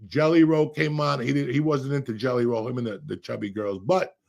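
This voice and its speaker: A middle-aged man hosting a podcast, a loud, profane storyteller with a gravelly, husky voice. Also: medium pitch, fairly even intonation, fairly quick. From Cuba. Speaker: podcast host.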